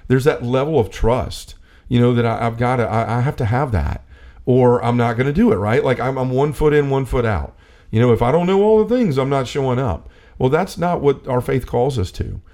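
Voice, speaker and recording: A man co-hosting a casual faith talk, speaking with animated energy and often acting out quotes. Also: medium pitch, fairly quick. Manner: animated, acts out quotes, many restarts. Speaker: co-host.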